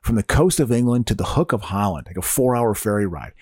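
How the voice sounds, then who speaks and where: Casting: talkative man, lively swooping pitch, stammers and restarts, dry close-mic sound. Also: brisk, husky, no echo. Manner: rambling, stammers and repeats words, laughs often. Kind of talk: casual podcast chat.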